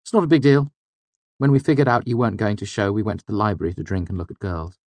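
A man's voice: on the low side, quick pace, darkish tone, no room sound, voice pushed up, lightly acted. A man voicing Simon, a cheerful, teasing young male student, in an audiobook reading. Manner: playful, teasing.

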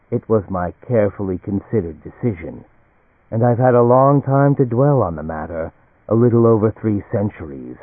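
A man voicing an ancient, weary male alien entity who speaks quietly and bitterly, with a mocking edge. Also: on the low side, husky, dry recording. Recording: dry, tinny phone-like audio.

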